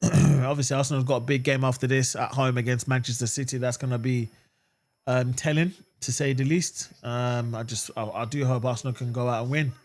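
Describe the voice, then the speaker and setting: A brisk, mid-range male voice belongs to a fan channel host streaming a live watchalong of a football match. Animated, he moves from calm chatting, reading and responding to viewer comments, to erupting in outrage at the referee.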